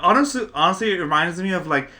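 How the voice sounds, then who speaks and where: A man's voice: sits high, lively intonation, fast, pushed and bright. A man hosting a podcast in a studio, chiming in with quips and laughing often. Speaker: podcast host. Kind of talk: casual podcast chat.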